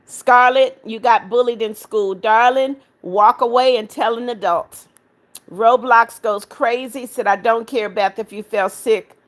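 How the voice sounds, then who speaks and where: A middle-aged woman hosting a livestream, reading viewer comments aloud, warm to kind viewers and firm with rude ones. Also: on the high side, steady tone, measured pace. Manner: firm, scolding rude commenters, affectionate to others. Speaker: livestream host reading chat. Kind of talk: casual live chat.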